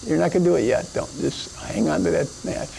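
A man's voice: on the high side, brisk, vocal fry, mellow, a little hiss or hum. A middle-aged man joking with helpers as he gives a chemistry demonstration in a classroom. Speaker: chemistry teacher. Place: classroom or lecture hall.

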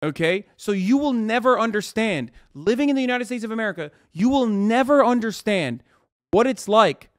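A man's voice: high voice, lively intonation, moderate pace, no room sound, studio quality. A man streaming live, reacting in a heated, profane rant. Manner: angry, profane ranting.

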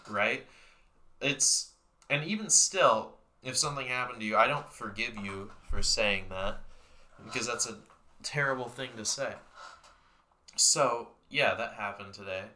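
Bright-voiced young man rambling casually. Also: on the low side. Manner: rambling, joking, loose and profane. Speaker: vlogger. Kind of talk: casual chat to camera.

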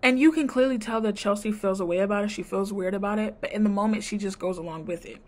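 A woman vlogger with a medium-pitched voice and quick pace recaps a reality show in casual chat. She's blunt and sassy, uses slang, and retells scenes by quoting the people in them.

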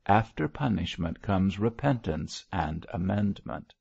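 Brief: man voicing an old bishop, grave and reproachful, gravelly low voice, dull lo-fi sound. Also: lively intonation, unhurried, a little mellow, no echo, exaggerated voice. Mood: stern. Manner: solemn, reproachful. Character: elderly male bishop, mild but stern. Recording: dull lo-fi dry recording.

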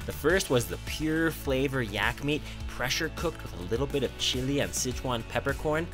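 Male travel food host, excitable and effusive, mid-pitched voice. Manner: exclamatory, gushing over food; mixes English with simple Mandarin. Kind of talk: enthusiastic food vlog with voice-over narration.

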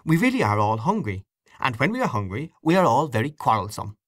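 A cheerful young hostess in an audiobook, coaxing and bright in her lifted voice, as a male reader puts her on. She swings her pitch up to urge the guests along. The recording is dry and close. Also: big pitch swings, brisk, no room sound.

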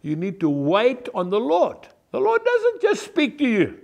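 A man's voice: very high-pitched, wildly swooping pitch, unhurried, creaky, a little mellow, muffled recording. A man preaching a folksy, emphatic devotional sermon, talking straight to his viewers as "folks". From South Africa. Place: on his farm.

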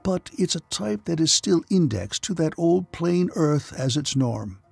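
A man's voice: on the high side, expressive, a little slow, gravelly, husky, no room sound, faint music behind, voice pushed up, full character voice. A man voicing a sober, thoughtful male psychotherapist from another star. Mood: calm.

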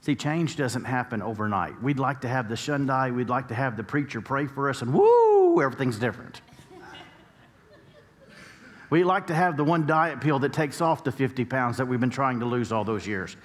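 In a church sanctuary thick with long reverb, a US male pastor with a mid-range voice preaches at normal speed. His sermon moves through stories up to emphatic high points.

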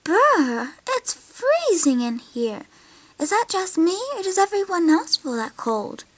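A child doing a mother in a homemade toy story, fussing over her kids and snapping into a scold when they misbehave. The voice sits very high and the delivery is slow and unhurried. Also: sing-song, fairly bright tone, heavily acted. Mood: calm, fussy. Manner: scolds sharply when upset. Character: caring but stern mother of three kids. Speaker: voicing toy figures in a home video. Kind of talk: homemade toy play narration.

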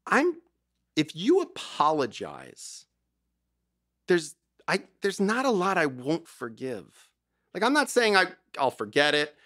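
A man's voice: a little high, huge pitch swings, slow, long pauses, fairly bright tone, no room sound, studio quality. A middle-aged man, a divorce lawyer talking as a podcast guest, who tells stories with emphasis and acts out quoted dialogue. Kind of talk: animated conversational interview.

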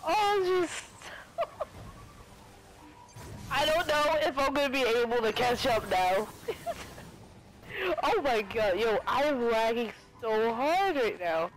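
A young woman commenting over her own gameplay, her high voice leaping up and down through exclamations and bursts of laughter. She talks at an unhurried pace between the outbursts, keeping up a running commentary as she plays. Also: rough recording. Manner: excitable, laughing, frequent exclamations. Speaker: gaming video creator.

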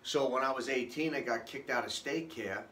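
A man telling his own life story unscripted, halting and emotional, with many restarts. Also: mid-range voice, sharp tone, a little hiss or hum. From Boston area, US. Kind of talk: personal testimony, unscripted.

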